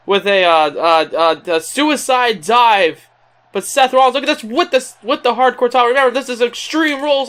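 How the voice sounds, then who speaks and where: Bright, excitable wrestling game commentator. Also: mid-range voice. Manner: excitable announcer, keeps repeating "ladies and gentlemen"; casual asides and laughs at the action. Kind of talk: play-by-play wrestling commentary over gameplay.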